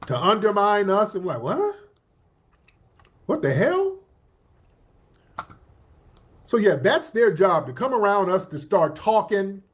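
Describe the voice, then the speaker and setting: Emphatic male stream host, a bit higher-pitched, frequent pauses to scroll. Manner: emphatic, often stops with "hold on" while scrolling. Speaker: livestream host. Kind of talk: commentary on social media posts.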